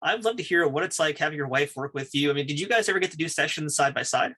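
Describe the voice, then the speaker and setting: Bright fast-talking male podcast host. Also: fairly high pitch, expressive. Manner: enthusiastic fan asking questions. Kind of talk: interview questions.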